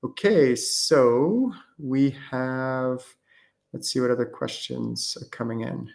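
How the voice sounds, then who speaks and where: A man's voice: medium pitch, takes it slowly, creaky, darkish tone. A man hosting a live-streamed question-and-answer show, talking casually with lots of fillers and false starts. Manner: casual, rambling with many fillers and restarts. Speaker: host and spiritual channeling teacher.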